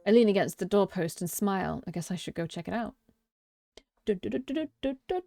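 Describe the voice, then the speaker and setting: A young woman streaming a let's play reads a visual novel aloud as its narrator, often breaking off into joking, cursing asides and correcting herself. Her voice is on the low side, fast and warm, with vocal fry.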